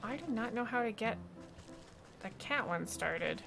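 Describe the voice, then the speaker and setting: A woman's voice: a little high, expressive, unhurried, creaky. A woman casually commenting to herself while playing a video game, with game music behind her. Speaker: streamer. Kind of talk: casual let's-play commentary.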